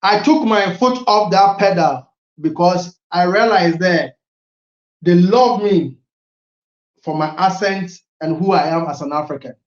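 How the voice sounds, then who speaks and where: A high-voiced, middle-aged Ghanaian man with a Ghanaian accent speaks at a moderate pace, in audio that sounds roomy and dull. He's a guest in a casual interview, recounting stories animatedly while mixing languages and laughing often.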